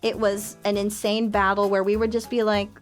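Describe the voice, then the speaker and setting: A woman's voice: medium pitch, little pitch movement, moderate pace, soft background music. A young woman streaming casual chat, bubbly and self-mocking, laughing often.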